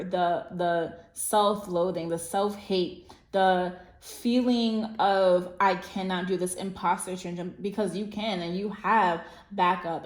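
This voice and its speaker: A woman giving a casual spiritual tarot reading, rambling and effusive, with lots of fillers. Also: mid-range voice. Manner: meandering, filler-heavy, effusive. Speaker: tarot reader. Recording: roomy echo.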